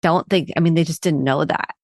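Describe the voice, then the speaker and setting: A woman hosts a podcast interview, earnestly affirming and expanding on what her guest says. Her voice sits lower than most women's. The recording is dry and close. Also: fairly even intonation, fairly quick, gravelly, no room sound. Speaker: podcast host and therapist.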